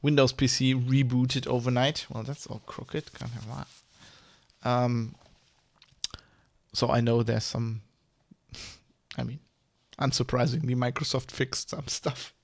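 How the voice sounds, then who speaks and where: A man's voice: medium pitch, flat delivery, slow, vocal fry, dry recording. A man with a mother tongue, ranting in a casual vlog, rambling and heated, with many restarts and swearing. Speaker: vlogger. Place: Germany.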